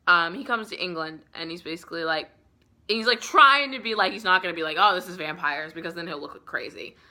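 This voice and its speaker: A woman's voice: fairly low pitch, expressive, fairly quick, sharp tone. A young woman in her twenties, a bit tipsy, casually retelling a classic novel with lots of swearing and filler "like". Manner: rambling, profane, heavy use of "like". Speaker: book vlogger. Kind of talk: casual book summary.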